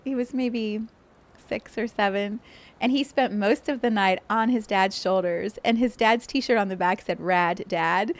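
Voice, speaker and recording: A woman hosting a spiritual podcast, telling stories in an animated way and laughing often, then turning soft and hushed when she reflects. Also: medium pitch. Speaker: podcast host. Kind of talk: casual spiritual podcast talk.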